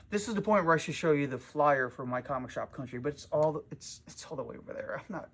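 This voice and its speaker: A comic shop owner talks straight to camera from his store in a casual vlog, his voice swinging up and down in pitch. He is loose and profane, and he pokes fun at himself as he goes. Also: fast, slight background noise. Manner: animated, profane, self-mocking.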